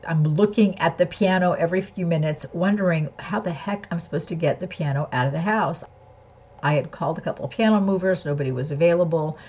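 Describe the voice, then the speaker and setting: A woman's voice: lowish voice, a little mellow, husky, lo-fi sound. A woman earnestly recounting a personal story and drawing a spiritual lesson from it, speaking candidly.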